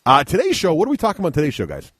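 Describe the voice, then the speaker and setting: A man co-hosting a gaming podcast, chatting loosely and excitably and correcting himself as he goes. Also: a little high, rapid-fire, husky. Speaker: podcast co-host. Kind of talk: casual chat.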